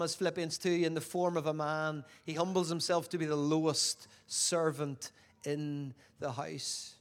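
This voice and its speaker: A man with a fairly high-pitched voice preaches a sermon, repeatedly posing questions to the audience. He shifts between loud emphasis and quiet, reflective passages.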